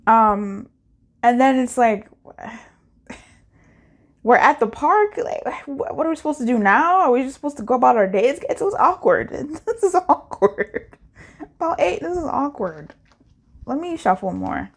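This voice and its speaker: A woman's voice: sits high, big pitch swings, unhurried, long pauses. A woman doing a casual pick-a-card tarot reading, playful and slangy, with frequent laughter.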